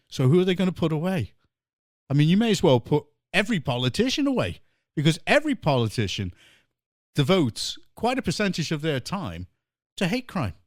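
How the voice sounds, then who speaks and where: A man's voice: a little high, big pitch swings, brisk, dry recording, clean studio sound. An English man hosting a podcast, chatting in a jokey way and laughing often. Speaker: podcast host. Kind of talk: casual podcast chat.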